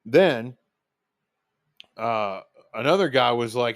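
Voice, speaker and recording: A man tells his own stories in a loose, rambling way, full of fillers and little restarts, and he slips into quoting himself as he goes. His voice sits at an ordinary middle pitch for a man. It is recorded close up, with almost no room sound. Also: lively intonation, normal speed, no echo. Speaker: podcast host telling stories. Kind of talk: casual storytelling monologue.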